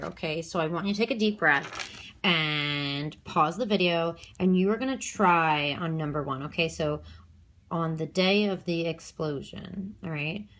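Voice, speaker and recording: A woman's voice: fairly low pitch, fairly bright tone, slight background noise. A woman teacher giving a recorded review lesson, explaining step by step with frequent fillers and "okay?" check-ins.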